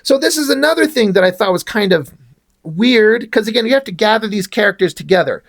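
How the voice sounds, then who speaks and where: A man's voice: high voice, lively intonation, fairly quick, a bit bright. A man giving a casual, rambling comic book review in a sarcastic tone, swearing often.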